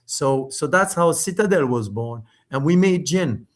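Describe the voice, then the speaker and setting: Animated middle-aged man. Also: a little high. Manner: animated, quick bursts with many restarts and fillers. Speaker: spirits company founder, podcast guest. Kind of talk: storytelling in a casual interview.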